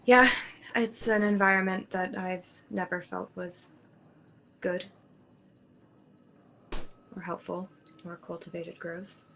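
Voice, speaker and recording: Tabletop player: woman, lowish gravelly voice, measured and gentle, hesitant restarts. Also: level tone, a little hiss or hum. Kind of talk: tabletop role-play in character.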